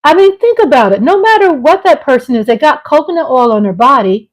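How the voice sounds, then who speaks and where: A middle-aged woman with a somewhat high voice hosts a casual home vlog. She talks straight to her viewers, gushing and animated. She laughs often and drops to a soft, tender tone between bursts of excitement. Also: brisk, rough recording. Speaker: vlog host. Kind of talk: casual live chat with viewers. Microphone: on a mic at home.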